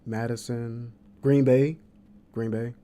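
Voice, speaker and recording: A man's voice: mid-range voice, fairly even intonation, slow, mellow, slight background noise. A young man from the American Midwest hosting a podcast, telling a story in casual chat and acting out quotes with big jumps in his voice. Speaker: podcast host.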